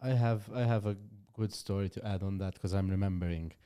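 A man hosting a podcast in casual chat, hesitant and halting, laughing often as he talks. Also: low-pitched, fairly even intonation, mellow, smooth. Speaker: podcast host.

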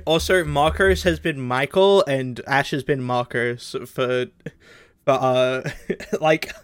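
A man co-hosting a podcast who talks in a halting, hesitant way as he wraps up the episode. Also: mid-range voice, clean tone, no room sound, clean studio sound. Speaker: podcast co-host. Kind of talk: casual chat.

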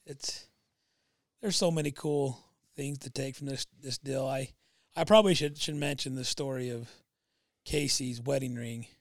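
Gravelly-voiced man, earnest and halting. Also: mid-range voice, no echo, clean studio sound. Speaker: guest. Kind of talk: casual conversation.

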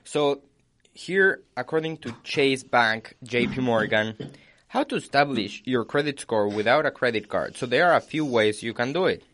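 A man's voice: mid-range voice, animated, normal speed, a bit bright, slight background noise. A young man hosting a podcast in casual chat, explaining points and reading out information. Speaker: podcast host.

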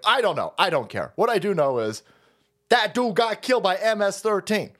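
A man hosting a stream, ranting about politics in a loud, foul-mouthed, mocking way, jumping between shouts and low mutters. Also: sing-song, brisk. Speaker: host of a political rant stream. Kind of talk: profane political rant.

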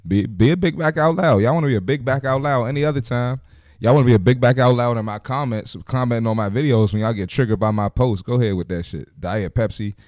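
A man's voice: mid-range voice, fairly even intonation, quick pace, a little mellow, dry recording, studio quality. Blunt joking man reacting to clips. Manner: blunt, joking, slangy trash talk. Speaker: podcast host reacting to clips. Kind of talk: casual reaction commentary.

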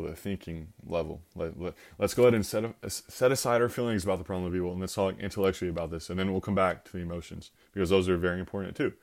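A man's voice: deep voice, a little mellow. A man giving an informal Christian teaching talk, conversational and acting out little scenarios with quoted voices.

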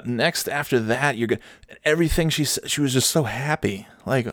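A man's voice: mid-range voice, normal speed, fairly bright tone, dry recording, clean studio sound. A man in his thirties talking casually and profanely in a solo podcast, rambling and mocking himself. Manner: rambling, self-deprecating, profane. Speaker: podcast host.

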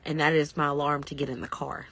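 A woman in her thirties with a Southern US accent, telling a lively story in casual podcast chat and laughing often. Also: deep voice, fast, gravelly, breathy edge. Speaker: podcast co-host.

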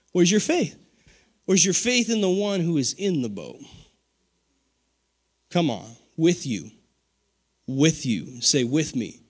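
A man in his forties preaching a sermon, animated, with call-and-response and laughter. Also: fairly high pitch, takes it slowly, long pauses, husky. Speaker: pastor.

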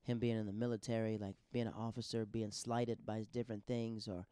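A man hosting a podcast, telling stories in a casual, animated, slangy way and acting out the quotes. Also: on the low side, brisk, smooth, dry recording, clean studio sound. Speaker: podcast host. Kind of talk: casual storytelling.

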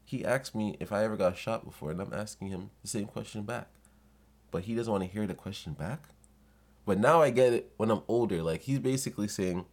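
A young adult man hosting a podcast, telling comic stories in a profane, animated way and acting out the people he quotes. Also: fairly low pitch, a little fast. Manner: profane, animated, acts out quoted voices with laughs. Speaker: podcast host. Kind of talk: comedic storytelling monologue.

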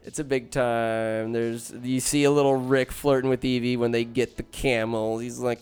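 A man's voice: medium pitch, level tone, moderate pace, hardly any pauses, darkish tone, clean tone, soft background music. A man casually retelling a movie plot, rambling and joking with profane, slangy asides. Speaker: film recapper.

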